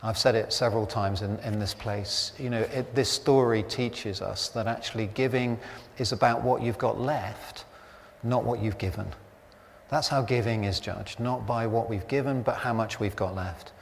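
A man's voice: on the low side, steady tone, normal speed, vocal fry, slight background noise. A middle-aged man preaching a sermon as pastor, talking in a chatty, anecdotal way with wry humour. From Britain. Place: church. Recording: church hall reverb, faint ambience.

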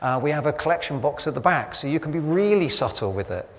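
A man's voice: on the high side, expressive, fast talker. A middle-aged man preaching a sermon as pastor, talking in a chatty, anecdotal way with wry humour. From Britain. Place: church. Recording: church hall reverb, faint ambience.

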